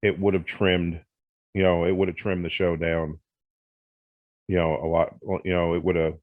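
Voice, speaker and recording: A man with a very low voice co-hosts a podcast, making his points in an emphatic, opinionated way. His audio is narrow and phone-like. It is recorded dry, with no room sound. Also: flat delivery, moderate pace, no echo. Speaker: podcast co-host. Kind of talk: casual chat.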